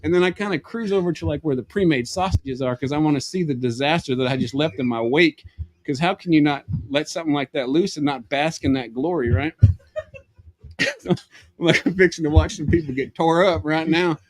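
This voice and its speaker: A man, a podcast guest telling a funny story with lively energy and frequent laughter. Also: on the high side, a little fast. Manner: animated, laughs through his story. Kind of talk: comedic storytelling.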